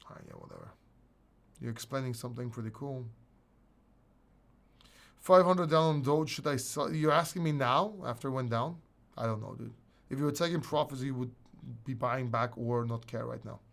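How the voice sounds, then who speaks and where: A man's voice: high-pitched, creaky. A man hosting a casual crypto livestream, reading and answering chat questions in a blunt, rambling way with restarts and swearing.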